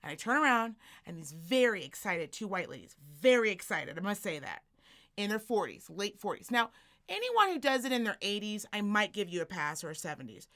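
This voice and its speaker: A woman co-hosting a podcast, telling a story as a profane, animated rant and acting out the people in it. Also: medium pitch, fairly quick. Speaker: podcast co-host.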